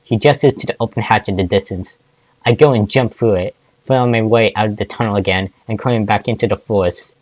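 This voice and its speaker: Low-voiced man reading fan fiction. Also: a little fast, darkish tone, dry recording, highs cut off. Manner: stumbling, restarting words while reading. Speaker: fanfic reader.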